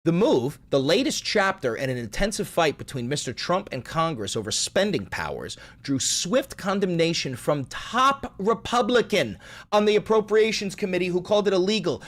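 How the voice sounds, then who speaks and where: A man's voice: high-pitched, sing-song, a little fast, few pauses. A man hosting an online political commentary show, reading news aloud and ranting about it with sarcastic, profane outbursts.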